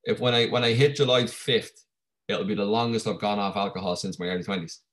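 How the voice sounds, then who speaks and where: A man's voice: lowish voice, fairly even intonation, brisk, fairly bright tone. A young man hosting a podcast, talking earnestly and reflectively in a casual interview. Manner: earnest, reflective, many fillers. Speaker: podcast host.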